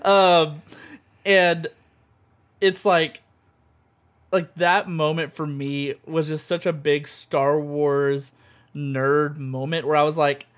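Excitable man gushing in casual chat. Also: a little high, slow pace, pauses often. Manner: excitable and gushing, full of "like" and "um" fillers. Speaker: podcast co-host.

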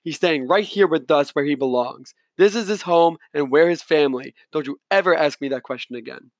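A man's voice: a little high, a little fast, no echo, lightly acted. A man voicing a stern, curt father. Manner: curt, angry, clenched teeth. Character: stern proud Afghan father, middle-aged man, quick temper.

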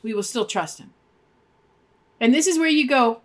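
A woman's voice: a little high, lively intonation, moderate pace, long pauses. A woman co-hosting a faith podcast, talking emphatically and acting out prayers as she goes. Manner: emphatic, preachy, acts out prayers. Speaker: podcast co-host.

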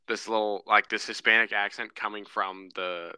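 A young man co-hosting a podcast, telling a story in a lively, casual way and laughing often. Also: on the low side, normal speed, smooth, no echo. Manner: animated storyteller, laughs often, says bro. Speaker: podcast co-host. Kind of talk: casual chat.

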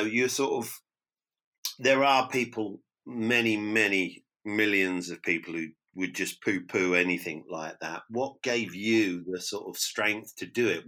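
Bright-voiced male podcast host. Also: on the low side. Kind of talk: casual podcast interview.

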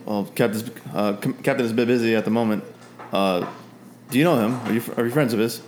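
A friendly fantasy-town guard, voiced in a tabletop game, who hems and haws as he gives directions. A man puts him on in a lowish, plain voice, with faint noise behind. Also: fast, darkish tone, natural voice. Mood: helpful. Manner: rambling, hesitant with many fillers. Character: friendly male town guard, helpful and chatty.

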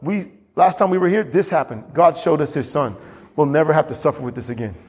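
A man's voice: brisk, slightly rough. Man preaching with a long echo. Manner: animated preaching, rising high when acting out scripture. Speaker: pastor. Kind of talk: sermon. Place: church.

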